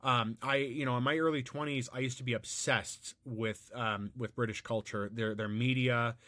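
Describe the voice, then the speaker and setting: Man, American, mid-pitched, rambling unscripted commentary, dry close-miked sound. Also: fairly even intonation, moderate pace, fairly bright tone, dry recording. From United States. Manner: rambling and musing, frequent restarts and fillers.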